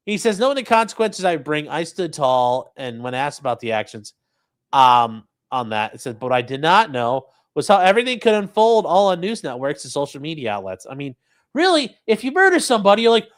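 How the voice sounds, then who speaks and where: High, animated, mocking male streamer. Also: moderate pace. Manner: mocking, profane, mimics in sneering voices. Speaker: livestream host. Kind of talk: livestream commentary reading aloud.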